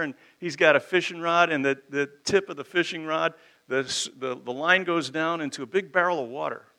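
Male preacher, bright and fairly high, emphatic and conversational, leans on rhetorical questions. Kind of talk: expository sermon.

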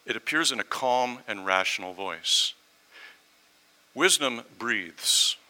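A man's voice: on the low side, moderate pace, bright, forceful tone, clear, resonant tone, poor audio. A man preaching a sermon, telling a story and acting out the voices in it. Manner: storytelling, acts out quoted voices.

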